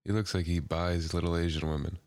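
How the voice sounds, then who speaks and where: A man's voice: low-pitched, steady tone, fairly quick, darkish tone, dry recording. A young man co-hosting a podcast in casual chat, laid-back, laughing often, with short dry replies. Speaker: podcast co-host.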